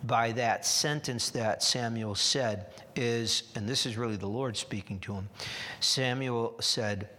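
Earnest preacher with hall reverb. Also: male voice, mid-range voice, measured pace, bright, forceful tone. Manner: earnest, restarting phrases, rising emphasis. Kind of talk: sermon.

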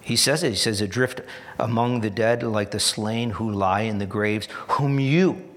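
A man preaching a sermon in an earnest, repeating style, lingering over each phrase at a slow pace. His voice carries a long reverb, as if filling a large hall. He builds to emphatic peaks, then drops to soft asides. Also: fairly low pitch. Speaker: pastor.

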